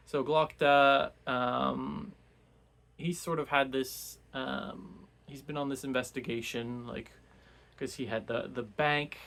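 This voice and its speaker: A man's voice: mid-range voice, vocal fry, a bit bright. A man giving a casual, rambling recap of a novel for a book club, full of restarts and fillers.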